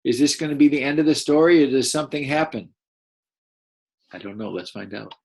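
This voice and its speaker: A man's voice: mid-range voice, expressive, fairly quick, creaky, breathy edge, low-quality recording. A man teaching first graders a read-aloud lesson, patiently explaining and asking the children questions.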